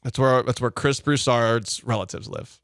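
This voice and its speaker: A man's voice: mid-range voice, steady tone, moderate pace, clean tone, no room sound. A man hosting a casual sports talk radio show in a studio, opinionated and joking as he reads listener comments.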